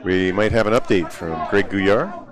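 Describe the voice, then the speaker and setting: A man's voice: low voice, moderate pace, music in the background. A man doing live bowling commentary, cracking dry jokes with his co-host. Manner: dry, joking asides. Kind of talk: live sports commentary with banter. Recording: loud bowling alley crowd. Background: crowd at a bowling alley.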